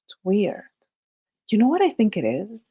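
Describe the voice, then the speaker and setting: A woman whose first language is Spanish, hosting a casual livestream, talking in a halting, nervous way with many restarts. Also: medium pitch, huge pitch swings, vocal fry, mellow, breathy edge. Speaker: livestream host.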